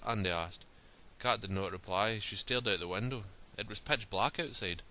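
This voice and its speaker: Low-voiced man reading a story. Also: moderate pace, few pauses, sharp tone. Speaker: narrator.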